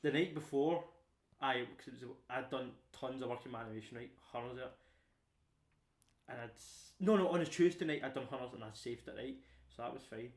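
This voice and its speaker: A young man co-hosting a podcast, telling stories in casual chat with lots of swearing and animated energy. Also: mid-range voice, fairly quick, roomy sound. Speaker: podcast co-host.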